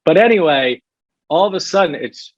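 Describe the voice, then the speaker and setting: A man's voice: a little high, expressive, normal speed, no echo. A middle-aged man from New York, a coach talking reflectively as a podcast guest and often tagging "right?" onto his points. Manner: reflective, keeps adding "right?". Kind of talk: casual podcast interview. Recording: dull, dry podcast sound.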